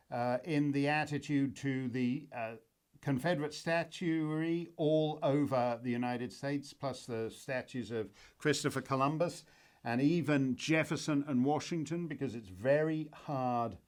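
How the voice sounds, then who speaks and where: A man's voice: medium pitch, measured pace. A man hosting his own commentary show, talking off the cuff in a rambling, wry way with many fillers and restarts. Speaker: host. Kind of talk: casual spoken commentary.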